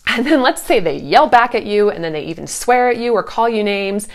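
An earnest woman in her thirties talks parents through hard moments in a reassuring, conversational way. Her voice sits at an everyday middle pitch, and now and then she slips into a sweet, sing-song tone to act out a parent's words. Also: animated, a little fast, few pauses. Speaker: parenting coach. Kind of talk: casual advice talk.

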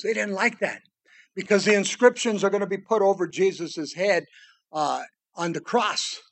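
Male preacher with a high voice, verse-by-verse sermon, punches some lines and drops to a hush on others, keeps calling on listeners to listen. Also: normal speed. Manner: emphatic, swings between loud declarations and hushed pleading asides; addresses listeners directly with "listen" and "guys". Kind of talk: expository sermon.

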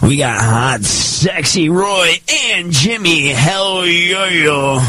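A man giving a showy, drawn-out emcee intro for a radio show. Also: on the high side, pushed and bright. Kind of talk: hype announcer intro. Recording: distant voice over cheering crowd.

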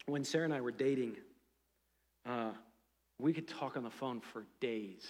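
A middle-aged man preaching a sermon in a church sanctuary, conversational and animated, full of fillers and asides. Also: medium pitch, moderate pace, big-room sound. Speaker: pastor.

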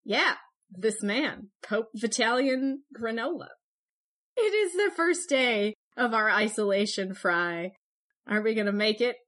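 A woman co-hosting a podcast in casual, joking chat who laughs often and turns brisk when going through history notes. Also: on the high side, lively intonation, a bit bright. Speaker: podcast co-host.

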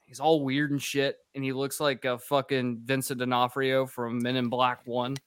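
A man's voice: medium pitch, level tone, moderate pace, smooth, no room sound. Male podcast cohost, profane comic recapper, dry sound. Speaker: podcast co-host. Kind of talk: casual movie recap.

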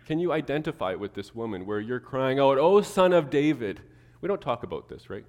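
A man preaching a sermon to his church, animated, acting out the people he quotes. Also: medium pitch, fast, big-room sound. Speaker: pastor.

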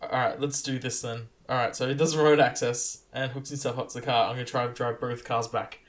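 A man's voice: mid-range voice, flat delivery, a little fast. A man playing a tabletop game who speaks hesitantly, with many fillers and laughs. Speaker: player.

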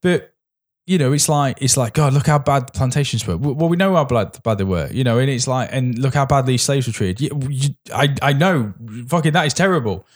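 A man's voice: mid-range voice, lively intonation, fairly quick, hardly any pauses. Rambling man reviewing a film. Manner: rambling, frequent restarts and hesitations. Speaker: podcast co-host. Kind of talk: casual film review chat.

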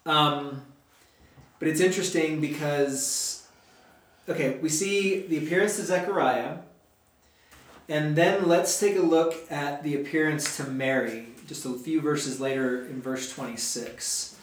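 A man's voice: a little high, measured pace. A man leading a casual Bible study, talking in a chatty, rambling way. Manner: chatty, rambling, uses fillers. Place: church meeting room. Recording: echoey room, distant mic.

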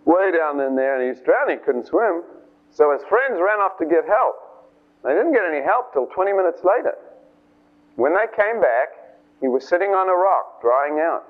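A man preaching an informal sermon, telling a story and acting out the voices of its figures in a chatty, animated way. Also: on the high side, normal speed. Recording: tinny lo-fi radio broadcast.

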